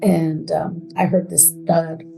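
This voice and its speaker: A woman telling her own story in a halting, hesitant way, with pauses and repeated words. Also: sits low, flat delivery, creaky, warm tone, faint music behind, low-quality recording. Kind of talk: emotional first-person account.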